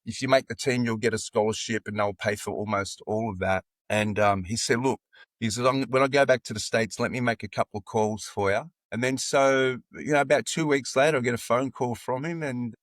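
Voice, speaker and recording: A man's voice: mid-range voice, a little fast, dry recording. A man in his sixties with an Australian accent, a football coach telling long personal stories in an interview and acting out what others said. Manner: animated anecdotes, acting out quoted dialogue. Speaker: football coach, podcast guest. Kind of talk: casual storytelling in an interview.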